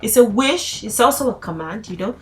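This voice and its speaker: A woman's voice: on the high side, lively intonation, fairly quick, darkish tone. A young woman teaching a casual spoken lesson, chatty and laughing often, with playful mock pleas. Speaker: language teacher.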